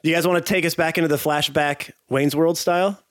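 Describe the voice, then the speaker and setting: A man's voice: on the high side, steady tone, fairly quick, a bit bright, dry recording, studio quality. A man playing in a tabletop game who banters in a wry, teasing way. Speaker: player. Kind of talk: casual banter.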